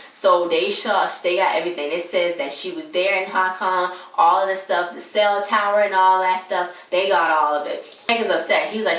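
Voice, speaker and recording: A woman's voice: fairly low pitch, fairly bright tone. A woman casually recapping a TV episode, chatting away and retelling scenes with quoted lines. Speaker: TV episode reviewer. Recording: echoey room, far from mic.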